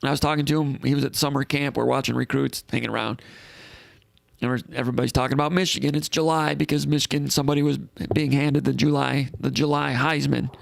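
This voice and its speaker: Man, call-in show host, casual rambling chat, dry close sound, raspy fry. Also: medium pitch, level tone, fast talker, no echo. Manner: thinks aloud, rambling with self-corrections. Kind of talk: casual live chat, reading out viewer comments.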